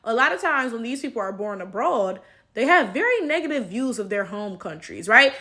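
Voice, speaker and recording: A Black American woman in her thirties giving casual, animated commentary straight to her viewers. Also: a little high, normal speed. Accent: African American. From United States. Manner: animated, talks straight to viewers with y'all and right. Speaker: commentary vlogger.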